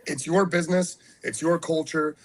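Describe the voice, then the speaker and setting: A man's voice: on the high side, steady tone, normal speed. A man hosting an interview, talking casually and hesitantly as he thinks aloud. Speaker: host. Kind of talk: casual chat.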